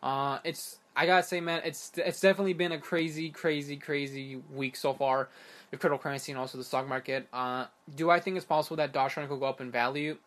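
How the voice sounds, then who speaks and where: A man's voice: on the high side, quick pace. Exasperated young man ranting. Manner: animated, exasperated, rambling with restarts. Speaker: crypto vlogger. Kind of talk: casual ranting monologue.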